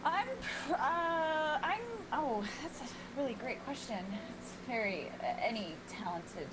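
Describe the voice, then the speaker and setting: A woman's voice: high-pitched, expressive, a little slow, noisy background. A woman playing in a tabletop game stream, joking and hesitant with many restarts. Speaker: player. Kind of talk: casual tabletop play.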